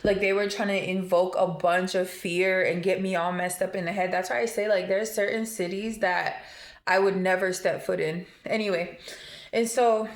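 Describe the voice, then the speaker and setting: A woman's voice: mid-range voice, steady tone, normal speed, reverberant. A woman telling a personal story on a casual vlog, emotional and rambling, with lots of fillers and restarts. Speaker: vlogger.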